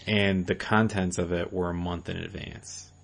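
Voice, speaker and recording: A man's voice: sits low, little pitch movement, moderate pace, vocal fry. A young man co-hosting a casual gaming podcast, talking loosely and rambling, with casual swearing. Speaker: podcast co-host.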